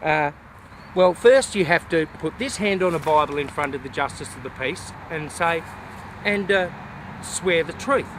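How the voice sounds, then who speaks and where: Australian male vlogger, slightly high voice, folksy and rambling, recorded outdoors with faint traffic hiss. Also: lively intonation, normal speed, fairly bright tone. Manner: folksy and rambling, with bush slang. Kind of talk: casual walking vlog. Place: outdoors in the bush by a road.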